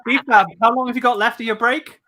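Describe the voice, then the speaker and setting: A man's voice: very high-pitched, steady tone, a little fast, heavy background noise. A British man hosting a livestream, chatting casually, joking and reading viewer comments aloud. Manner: jokey, reads chat comments aloud. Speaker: livestream host.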